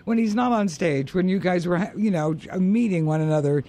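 A woman's voice: on the low side, moderate pace, mellow. A woman hosting a golf radio show, chatting with a guest in an eager, effusive way. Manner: laughs often, eager and effusive. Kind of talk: casual interview chat.

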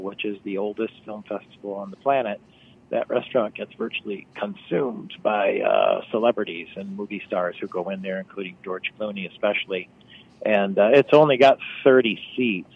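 A man's voice: on the low side, moderate pace, creaky, husky. Guy spinning wry travel stories over a muffled phone line on the radio. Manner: storytelling, wry and chatty. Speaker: travel writer. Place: on location outdoors by phone.

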